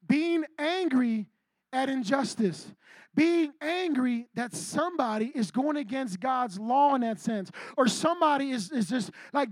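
A man with a strikingly high voice preaches to a youth group in a loose, slangy way. He asks the kids questions and calls on them by name. The sound is dry, with almost no room echo. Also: animated, normal speed. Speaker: youth pastor. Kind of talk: casual sermon to youth.

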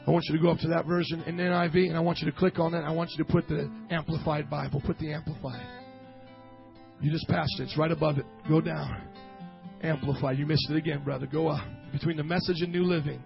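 A male pastor preaching a sermon, swinging from loud shouting down to low murmuring. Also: creaky, lo-fi sound. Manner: emotional, fervent preaching.

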